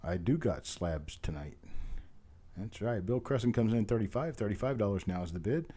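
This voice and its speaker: A hoarse man, his voice still recovering, hosting a live online coin auction in a folksy, chatty way and calling out bids over and over. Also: lowish voice, lively intonation, moderate pace, warm tone. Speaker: auctioneer host.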